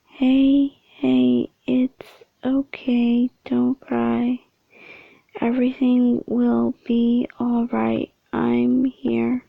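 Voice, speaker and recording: Give me a woman playing a gentle male dog in a whispered role-play, slow and flat. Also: fairly high pitch, vocal fry, no room sound, phone-quality sound, full character voice. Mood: comforting. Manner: soft, reassuring.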